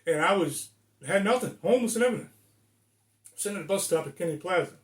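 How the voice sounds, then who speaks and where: A man's voice: sits high, lively intonation, quick pace. A man in his sixties from Rhode Island, ranting bluntly and emphatically to the camera with plenty of profanity. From Rhode Island, USA. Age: 60s. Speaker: vlogger. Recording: echoey room.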